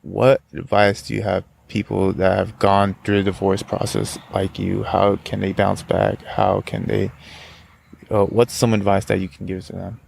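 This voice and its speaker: A man's voice: low voice, level tone, normal speed, creaky, a little mellow, slight background noise. A young man hosting his own podcast, encouraging his guest and often affirming her with short replies. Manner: encouraging, many affirming "mm-hmm"s. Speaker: podcast host. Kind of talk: casual podcast interview and outro.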